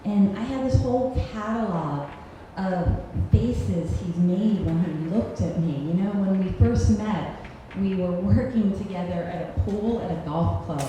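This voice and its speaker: Dark in tone and mid-range in pitch, her voice stays unhurried with few pauses. The woman, in her thirties, performs a wry, self-mocking personal story live at a cultural center hall, frequently laughing mid-line; the hall recording is echoey with faint hiss.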